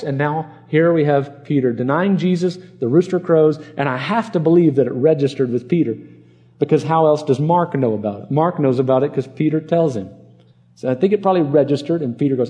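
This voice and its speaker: A man's voice: fairly high pitch, fairly quick, dark tone. A male pastor from Arkansas preaching a conversational sermon and acting out the people in the passage.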